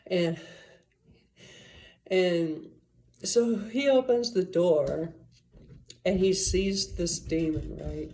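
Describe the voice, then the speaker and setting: Mellow-voiced woman telling a rambling story. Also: lowish voice, extremely slow, pauses often. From Las Vegas area, USA. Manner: rambling, profane, full of fillers. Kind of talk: casual personal storytelling.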